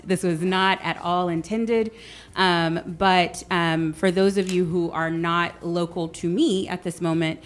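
A woman hosting a casual podcast, talking in a somewhat low voice with an earnest, open manner. She leans on plenty of "um"s as she goes, and faint music sits behind her. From Dallas, Texas. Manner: earnest and open, with frequent fillers. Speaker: podcast host.

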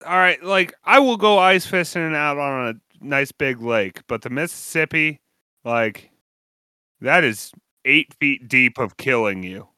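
A man chatting casually, dropping quick, playful interjections. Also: a little high, lively intonation, bright, forceful tone, smooth, dry recording. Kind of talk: casual chat.

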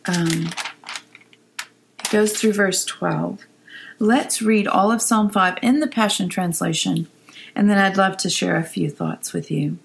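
A woman leads a quiet devotional teaching, reading psalm verses at an unhurried pace. Her voice carries a gravelly, creaky texture, and she lets key phrases fall to a near whisper. The delivery stays soft and reflective. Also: medium pitch, steady tone, poor audio. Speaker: Bible teacher.

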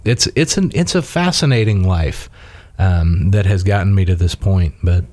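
A man with a low, mellow voice tells rambling stories in a casual chat, full of fillers and restarts. He grew up in Mississippi. The recording is dry and close. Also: lively intonation, normal speed, no room sound. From Mississippi, USA. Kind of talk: casual conversation.

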